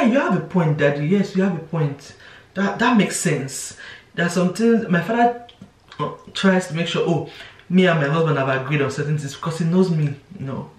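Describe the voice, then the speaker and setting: A young woman, chatting casually to camera as a vlogger. She restarts her sentences often and slips into quoted voices. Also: low voice. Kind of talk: casual confessional chat to camera. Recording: roomy, voice from a distance.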